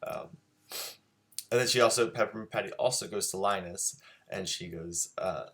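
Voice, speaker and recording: Low-voiced easygoing male drawing teacher. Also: moderate pace, fairly bright tone. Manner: easygoing, filler-heavy, chatty with viewers. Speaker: drawing teacher and show host. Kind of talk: casual live-streamed drawing lesson.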